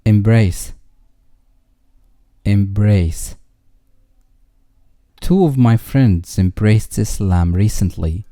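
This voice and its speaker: A man reading English vocabulary words twice each, followed by a slow example sentence. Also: lowish voice, mellow, no echo, studio quality.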